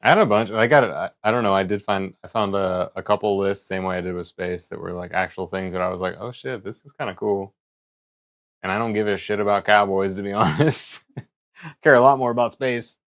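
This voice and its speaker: A man's voice: sits low, fairly even intonation, fast, a bit bright. A man streaming live who rambles casually and thinks aloud as he talks. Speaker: livestreamer.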